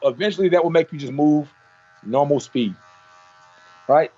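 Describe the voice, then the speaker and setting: A man's voice: a little high, animated, fairly quick, mellow, highs cut off. A man teaching a hands-on haircutting class, talking through each move with repeated cues and playful sound effects. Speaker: barber educator. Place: salon.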